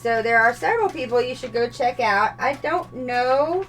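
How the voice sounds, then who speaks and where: A woman hosts a relaxed craft stream in easy, chatty talk. She laughs often and lets her sentences trail off. Her voice sounds bright and pointed, with a faint hum of room noise behind her. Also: on the high side, moderate pace, far from the mic. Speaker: host of cosplay stream. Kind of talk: casual chat.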